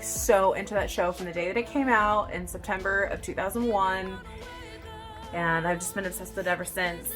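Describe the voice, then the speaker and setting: Bubbly young woman vlogging. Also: mid-range voice. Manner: bubbly and excitable, chatty with lots of "like". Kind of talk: casual get-to-know-me vlog chat.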